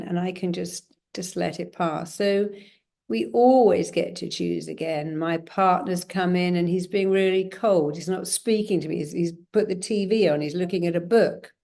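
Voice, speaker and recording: A middle-aged woman, a therapist guest in an interview, acting out dialogue with lively shifts in her voice. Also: on the low side, moderate pace, gravelly. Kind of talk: conversational interview.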